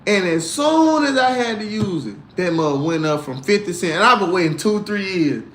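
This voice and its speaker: A man hosting a casual crypto livestream, animated and slangy, mixing faith talk with tips and reading out comments. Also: moderate pace, echoey room, a little hiss or hum. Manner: animated, swinging from low grumbles to loud outbursts.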